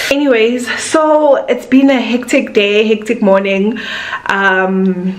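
A woman's voice: a little high, steady tone, slow pace. Woman, 20s, South African accent, casual vlog, gushing, emotional, lots of fillers. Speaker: vlogger. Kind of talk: casual talking-to-camera vlog.

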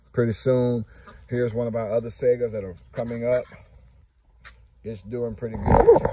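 A man's voice: medium pitch, a little mellow, slight background noise. A man giving a casual, chatty walking tour of his garden plants outdoors, talking straight to his viewers. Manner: chatty, talks to viewers and scolds his ducks. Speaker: homestead vlogger. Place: outdoors in a yard.

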